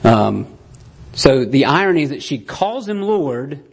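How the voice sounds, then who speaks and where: A man's voice: fairly high pitch, sing-song, a little slow, vocal fry, slightly rough. A man preaching a sermon to a congregation. He talks in a conversational way, often asks "right?", and acts out the quoted lines. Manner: conversational, keeps asking "right?".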